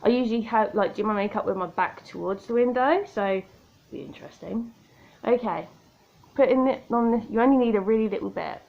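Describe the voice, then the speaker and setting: Girl doing a makeup tutorial, kinda high voice, gravelly, dull tablet sound. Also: a little fast. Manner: chatty, self-mocking, talks to the viewer. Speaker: makeup vlogger. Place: indoor room by a window. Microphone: tablet camera.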